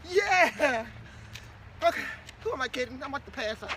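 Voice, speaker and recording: A woman's voice: high-pitched, expressive, normal speed, noisy background. A middle-aged woman vlogging outdoors to her viewers, chatty and playful, getting out of breath. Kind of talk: casual vlog to viewers.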